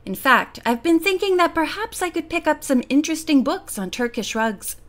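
A woman voicing an eager, polite young female amateur detective who speaks briskly and courteously, in an audiobook. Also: high voice, very animated, voice pushed up.

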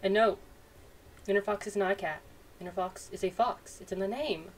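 A woman's voice: mid-range voice, normal speed. Woman, gaming host, let's-play commentary, playful, chatty, distant mic, faint noise.

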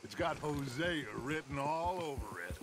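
An actor playing a charismatic middle-aged outlaw gang leader in a video game, speaking in a grand, persuasive way. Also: male voice, on the high side, normal speed, natural voice, low-quality recording. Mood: scheming. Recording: game audio with outdoor ambience.

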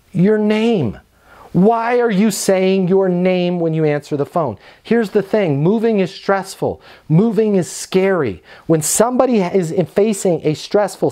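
Energetic male sales trainer. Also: fairly high pitch. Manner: energetic, salesy, acts out phone greetings. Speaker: leasing agent trainer. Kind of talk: instructional talk with acted phone calls.

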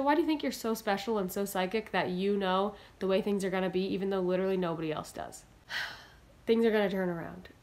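A young woman talking earnestly to her camera in a vlog, encouraging and a little rambling. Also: mid-range voice. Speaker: singer-songwriter vlogger. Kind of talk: heartfelt direct-to-camera vlog talk. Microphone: camera mic, talking to camera.

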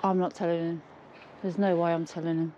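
A woman's voice: fairly low pitch, level tone, fairly quick, mellow, a little hiss or hum. A woman, a member of a prank crew, speaking in a shaken, insistent way outdoors.

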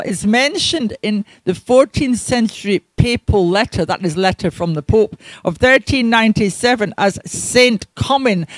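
Male ministry presenter, very high voice, earnest and digressive, spells names out. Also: dry recording. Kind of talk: devotional local-history talk with prayer.

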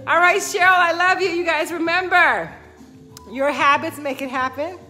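A woman fitness instructor speaks in a very high, sharp and bright voice. She hosts a live-stream pep talk, repeats her key phrases and calls out viewers by name. Faint music plays in the background. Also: steady tone, normal speed. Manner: upbeat and emphatic, tags lines with "right?", repeats phrases.

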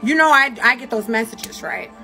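Woman, high bright voice, angry livestream rant, heavy cursing. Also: animated, moderate pace, gravelly, soft background music. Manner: cursing, insulting, heated. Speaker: livestream host. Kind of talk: angry ranting commentary.

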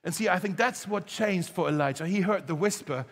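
A man's voice: high voice, brisk, big-room sound. A man preaching a sermon as pastor, telling stories conversationally and building to emphatic appeals. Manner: storytelling, conversational with laughs, rising to emphatic exhortation. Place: church hall.

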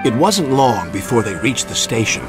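A man's voice: mid-range voice, very animated, moderate pace, over loud music. A man narrating a children's railway story expressively.

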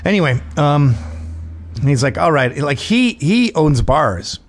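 A British show host in his fifties tells a comedic story full of swearing, acting out the quotes with lively energy. His voice leans high and he speaks at an unhurried pace.

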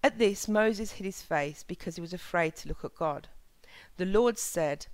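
A woman hosting her own channel, giving a sincere, measured spiritual talk and reading scripture passages with soft emphasis. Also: lowish voice, dry recording.

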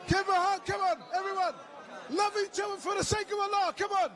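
A man's voice: very high voice, quick pace. A man presenting live at a large outdoor event, hyping the crowd and greeting people. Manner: energetic crowd hype.

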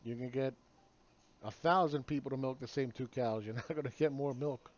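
Man, sarcastic, ranting monologue, mid-range pitch, dull lo-fi sound. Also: normal speed, darkish tone. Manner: sarcastic, ranting, mocking voices. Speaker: market commentator. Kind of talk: opinionated video monologue.

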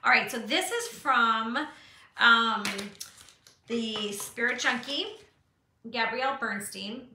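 Bright, gushing middle-aged woman art teacher. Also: on the high side, slow pace, pauses often, roomy sound, slight background noise. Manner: warm, gushing, encouraging; chatty with frequent fillers. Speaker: art teacher hosting a live studio chat. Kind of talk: casual live-stream chat. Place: her art studio, indoors.

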